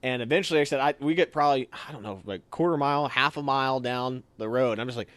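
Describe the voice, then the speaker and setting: A young man casually telling a story, animated and acting out what others said. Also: fast, clear, resonant tone, dry recording. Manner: animated, acts out quotes with sudden higher shouts. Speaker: storyteller guest.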